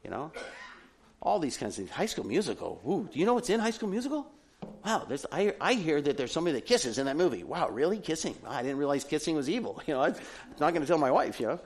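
Animated, lively male preacher. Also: fairly high pitch, quick pace. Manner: animated storytelling with humorous asides. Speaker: pastor. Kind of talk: sermon.

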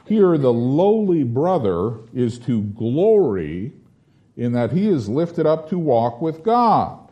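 Slow, dramatic man preaching a sermon. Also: medium pitch, big pitch swings. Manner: slow deliberate preaching, rising to forceful declamation in scripture readings.

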